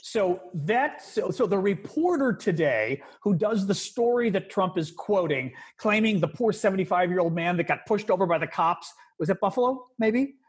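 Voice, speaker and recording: Man, podcast host, husky, high pitch, casual political chat, animated. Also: normal speed, hardly any pauses. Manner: animated, rising pitch when indignant.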